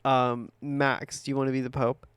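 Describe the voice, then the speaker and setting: A man co-hosting a comedy podcast, joking in animated casual chat. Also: medium pitch, normal speed, clear, resonant tone, no room sound, poor audio. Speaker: podcast co-host.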